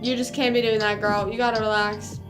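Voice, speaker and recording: A woman's voice: medium pitch, little pitch movement, fairly quick. A young woman streamer chatting casually, rambling with lots of fillers and swearing. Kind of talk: casual livestream chat. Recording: music playing behind.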